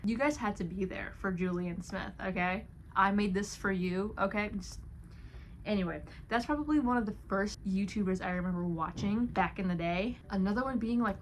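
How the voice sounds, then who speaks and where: A woman's voice: mid-range voice, slight background noise. A woman in her twenties with a headache, chatting rambly and self-deprecating in a casual story time vlog. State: unwell with a headache. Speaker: YouTuber.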